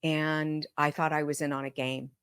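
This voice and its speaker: Low-voiced woman guest, earnest, unhurried storyteller, close dry mic. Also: flat delivery, a bit bright, smooth, no echo. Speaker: podcast guest, medium and author. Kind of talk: storytelling in an interview.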